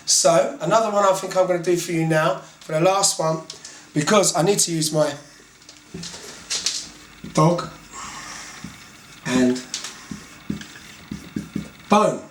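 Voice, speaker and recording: A Cockney London man teaches slang in a relaxed, chatty lesson, stretching out key words and checking in after nearly every line. His voice sits a touch high. The sound is roomy and echoey, with a faint hum of ambience behind him. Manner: chatty, repeats "okay" often, slow deliberate words. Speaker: English teacher.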